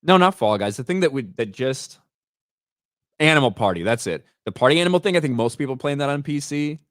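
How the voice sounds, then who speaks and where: A man's voice: mid-range voice, animated, fairly quick, fairly bright tone, no echo, studio quality. A man hosting a casual podcast chat, talking bluntly and swearing freely as he reads out viewer donations. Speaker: host.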